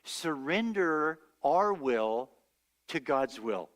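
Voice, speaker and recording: A man's voice: a little high, very animated, extremely slow, fairly bright tone, long reverb tail. A male pastor preaching a sermon, telling stories and acting out the voices he quotes. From United States. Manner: storytelling, acts out quoted voices. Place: church sanctuary.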